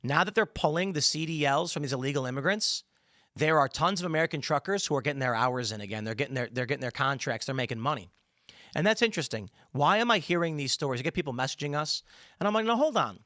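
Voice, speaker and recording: A man's voice: a little high, expressive, fast, bright, forceful tone, no room sound, clean studio sound. A man in his thirties hosting a solo political commentary show, talking emphatically with rambling, sarcastic asides.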